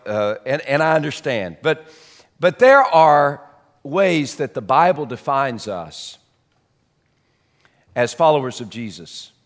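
A man with a slightly higher voice gives a relaxed, folksy sermon, breaking off for chatty asides. His voice rings out with a long reverb from the church hall around him. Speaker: pastor. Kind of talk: conversational sermon. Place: church sanctuary.

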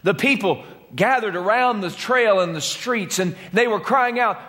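A man's voice: high-pitched, measured pace, bright, forceful tone. A man preaching a sermon as pastor, in an impassioned, dramatic way. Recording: long reverb of a large hall.

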